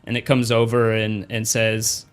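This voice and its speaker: A man's voice: lowish voice, monotone, faint music behind. Casual man narrating as game master. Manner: casual, halting narration with fillers and laughs.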